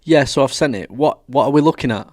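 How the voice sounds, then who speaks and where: A man's voice: mid-range voice, quick pace, a little mellow. A young British man doing casual, combative reaction commentary as a streamer, swearing a lot. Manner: brash, combative, heavy swearing.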